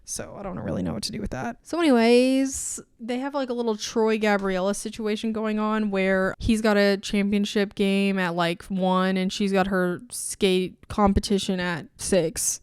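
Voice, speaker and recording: Sarcastic young woman with a smooth voice. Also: medium pitch, darkish tone, no echo, clean studio sound. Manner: sarcastic, rambling, swears freely. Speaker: book reviewer. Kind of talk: casual book review vlog.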